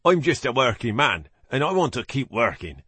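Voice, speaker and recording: A man voicing a defiant, bearded working man from with a rough, blustering manner. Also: mid-range voice, big pitch swings, moderate pace, a bit bright, dry recording, pitched above the performer's own voice. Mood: defiant, pleading.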